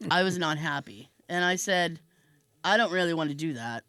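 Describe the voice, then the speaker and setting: A woman hosting a podcast, telling a comic story in a casual, animated way and laughing often. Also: low-pitched, normal speed, no echo. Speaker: podcast host.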